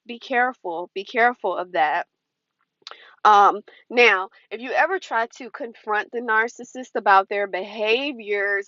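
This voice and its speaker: A woman's voice: medium pitch, a bit bright, no echo. Woman, casual advice vlogger, earnest warning tone; dry, dull lo-fi take. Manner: earnest, warning, acts out quoted lines. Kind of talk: casual advice talk to camera.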